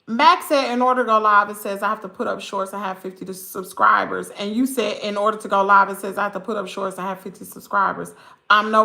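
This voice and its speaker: Hosting a casual livestream, a woman from Mississippi with a Southern accent chats with viewers exclaiming freely, then starts scolding the chat. Her medium-pitched voice is animated and brisk, pushed and bright, with vocal fry.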